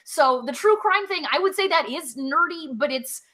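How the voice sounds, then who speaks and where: A woman's voice: sits high, expressive, normal speed, sharp tone. A woman co-hosting a comedy podcast, rambling casually, swearing freely and laughing between thoughts. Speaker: podcast co-host.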